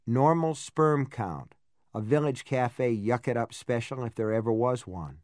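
Dry, measured male audiobook narrator. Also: mid-range voice, no echo. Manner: measured, steady storytelling. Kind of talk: scripted narration.

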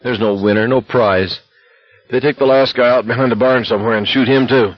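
A man voicing an unhinged, reckless young male walker who yells hoarse taunts. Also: medium pitch, steady tone, a little fast, no room sound, highs cut off, pitched above the performer's own voice, natural voice. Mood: dead sullen.

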